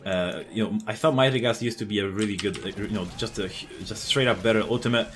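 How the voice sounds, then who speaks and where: A man giving live commentary over his own gameplay, explaining his moves, getting excited and swearing at enemies, with frequent fillers and restarts. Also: lowish voice, fast talker, a little hiss or hum.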